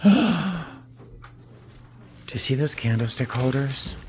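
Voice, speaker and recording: A man vlogging from inside an antique store, gushing excitedly over finds and often dropping to a whisper to himself. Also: medium pitch, slow pace, a little hiss or hum. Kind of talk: casual vlog commentary.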